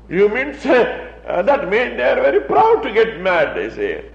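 A man's voice: high-pitched, huge pitch swings, measured pace, gravelly, hardly any pauses. Male preacher, repetitive and emphatic, echoey muffled recording. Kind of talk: sermon. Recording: dull, echoey room sound.

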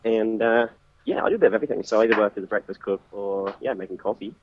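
A man's voice: on the low side, rapid-fire, background noise. A man from England on a phone call, telling stories in a chatty, laughing way, his English accent tinged with Australian. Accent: English, with some Australian. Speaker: podcast guest on a phone call. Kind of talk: casual chat. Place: working in a café. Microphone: phone speaker on a call.

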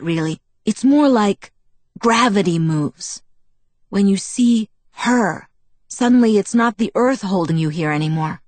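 A woman's voice: mid-range voice, darkish tone, no room sound, lightly acted. A woman reading an earnest, intense young man. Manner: impassioned, pleading explanation. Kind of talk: audiobook character voice.

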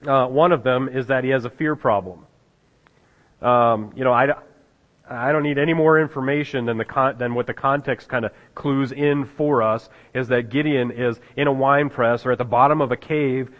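A man preaching a conversational sermon as a pastor, pausing often with fillers and restarts, and chuckling at the scripture he reads. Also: mid-range voice, fairly even intonation. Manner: halting, many fillers and restarts, chuckles at the text. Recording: dull sound in a reverberant hall.

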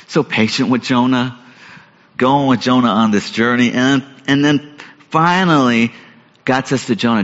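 Male pastor, earnest conversational sermon, medium pitch, long hall reverb, muffled lo-fi sound. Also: measured pace, fairly bright tone. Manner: earnest, conversational preaching with rhetorical questions. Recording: echoey hall, dull lo-fi sound.

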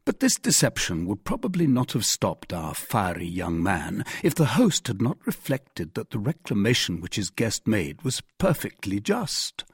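A male narrator reads a classic novel aloud with an expressive, measured delivery. His voice has a slightly husky texture, and his pitch moves freely across a lively range. The sound is close and dry, with no room around it. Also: no room sound. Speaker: audiobook narrator.

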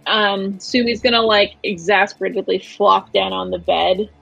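A woman's voice: mid-range voice, fairly even intonation, normal speed, creaky, a bit bright, husky, muffled recording, soft background music. A woman who is a player in a tabletop game, speaking tentatively with fillers. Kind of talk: tabletop role-play.

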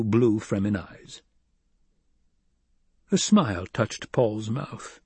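A man narrates an audiobook in a measured, steady storytelling manner. His voice is fairly low with a breathy edge, and the recording is dry.

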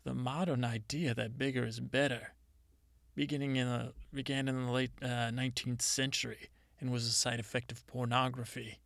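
A man playing a rambling, self-important female Mother Nature spirit in an improvised comedy monologue, telling stories in a halting, deadpan way. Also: mid-range voice, vocal fry, no echo, studio quality.

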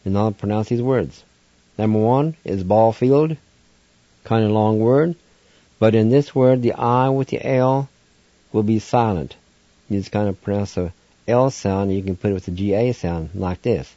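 A man hosts a radio language lesson, spelling each word letter by letter before sounding it out in syllables. His voice is low and mellow, and he moves along at an unhurried pace. The recording is dry and dull, like lo-fi broadcast audio. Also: no room sound. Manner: spells words out letter by letter, then sounds them out. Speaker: radio host teaching vocabulary.

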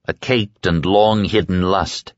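A man reading an audiobook in a measured, steady narration. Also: sits low, no room sound. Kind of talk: scripted narration. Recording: dull, dry lo-fi audio.

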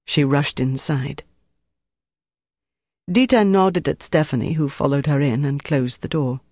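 Steady audiobook narrator, dry sound. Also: mid-range voice, measured pace, dry recording. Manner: even, steady reading. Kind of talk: scripted narration.

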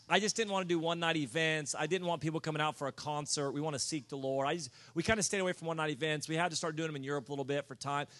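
A man preaching to a room, telling self-mocking stories in a lively, animated way and breaking into loud comic shouts. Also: on the high side. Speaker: pastor. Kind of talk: sermon storytelling. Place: church or conference room.

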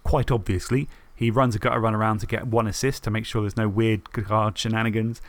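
A man on a podcast, telling the story of a tabletop game match in a lively way, swearing and acting out his own thoughts. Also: lowish voice, a little fast, no room sound. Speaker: podcast co-host. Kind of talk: casual tabletop game recap.

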